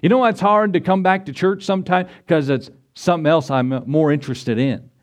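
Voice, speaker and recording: A man's voice: on the high side, fairly even intonation, a little fast. A man preaching a sermon as pastor, retelling scripture in a folksy way and asking his congregation rhetorical questions. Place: church.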